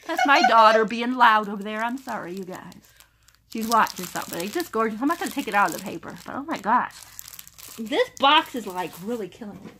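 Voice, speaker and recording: Gushing high bright-voiced young woman. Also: brisk, slight background noise. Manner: gushing, excitable, repeats "oh my gosh". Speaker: book box unboxing vlogger. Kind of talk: casual unboxing chat.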